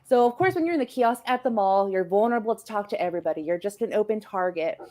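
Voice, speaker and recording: A woman chatting casually, telling a work story in a brisk, matter-of-fact way. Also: medium pitch, animated, dark tone. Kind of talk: casual chat.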